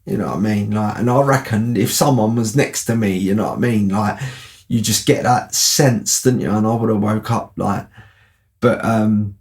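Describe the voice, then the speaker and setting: A man's voice: fairly low pitch, fairly even intonation, normal speed, darkish tone. A man telling a casual, rambling anecdote, often asking "you know what I mean". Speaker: storyteller.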